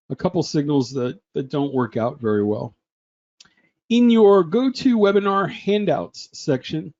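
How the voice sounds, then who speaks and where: A man's voice: on the high side, warm tone, dull audio. A man presenting a trading webinar in a chatty way, often asking the audience questions.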